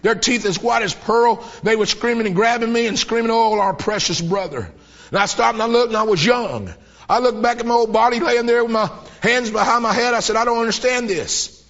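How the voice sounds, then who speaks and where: Fervent high-voiced preacher. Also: male voice, fairly quick. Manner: fervent storytelling, voice rising to shouts of praise. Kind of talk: sermon. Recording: dull lo-fi old tape.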